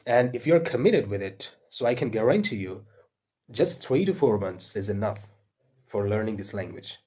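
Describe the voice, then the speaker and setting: A man's voice: on the low side, big pitch swings, normal speed, mellow, breathy edge. A man with an Indian accent giving earnest, repetitive spoken advice to English learners, with frequent fillers and restarts.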